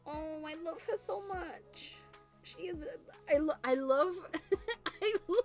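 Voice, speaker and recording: A woman's voice: high-pitched, takes it slowly. A woman chatting casually on a live stream, gushing and laughing often. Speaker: vtuber streamer. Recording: faint background music.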